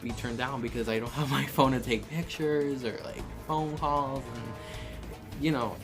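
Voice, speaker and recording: A young man casually telling a dramatic high school story, cursing often and saying "like" constantly. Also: steady tone, normal speed, over music. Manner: casual, profane, dramatic, heavy filler use. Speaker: YouTuber. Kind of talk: storytime vlog.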